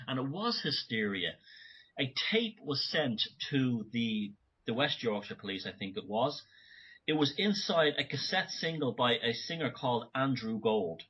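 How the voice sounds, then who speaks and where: Husky-voiced man, rambling on a muffled line. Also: medium pitch, a bit bright. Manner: rambling, frequent restarts and self-corrections. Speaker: interview guest. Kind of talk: remote conversational interview.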